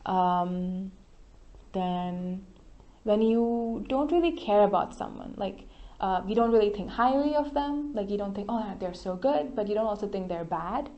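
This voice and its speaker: A woman's voice: mid-range voice, measured pace, warm tone, muffled recording. Patient woman tutor giving feedback. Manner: patient, explanatory, many fillers. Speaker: English discussion tutor. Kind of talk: spoken feedback to a study group.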